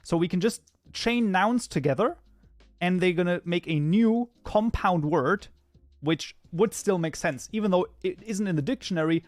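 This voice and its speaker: A man's voice: high voice, moderate pace, no room sound. Chatty man streaming. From Germany. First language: German. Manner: chatty, reads chat aloud and mutters while debugging. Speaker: livestreamer and programming tutor. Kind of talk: casual live-stream chat while coding.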